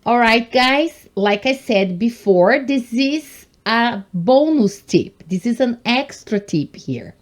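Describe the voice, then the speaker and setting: A woman's voice: on the high side, animated, takes it slowly, few pauses. A woman gives an online English lesson, encouraging her viewers and calling them guys. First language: Portuguese. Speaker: English teacher.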